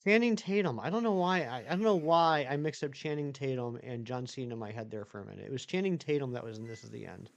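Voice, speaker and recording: A man's voice: mid-range voice, animated, fast, vocal fry, hardly any pauses, lo-fi sound. A man live-streaming who chats loosely with viewers, reads their messages aloud and rambles with many restarts. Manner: rambling, chatty, reads chat aloud and answers it. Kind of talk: casual live-stream chat.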